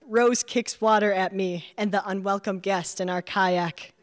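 A woman with an American Midwestern accent reading her personal essay aloud in a measured, reflective way. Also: mid-range voice, fairly even intonation, long reverb tail. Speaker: memoir narrator.

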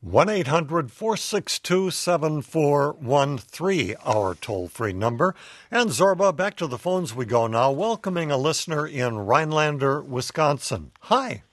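Male radio sidekick, husky, dry booth sound, short affable replies. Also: a little high, very animated, a little slow, dry recording. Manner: brief, affable repeating back lines. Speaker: radio co-host. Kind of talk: casual radio chat.

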